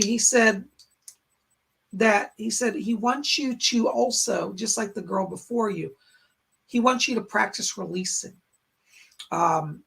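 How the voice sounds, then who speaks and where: A man hosting a psychic live stream in a raspy, strained voice, relaying spirit messages in short, halting phrases. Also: high voice, a bit bright. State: strained, hoarse voice. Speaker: psychic medium host. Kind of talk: live-stream chat and readings. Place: home in a rural area.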